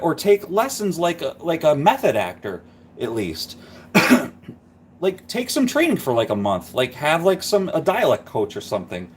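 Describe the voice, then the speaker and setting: A man's voice: mid-range voice, sing-song, moderate pace, slight background noise. A man hosting a live stream, chatting casually and rambling through a story. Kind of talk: casual chat.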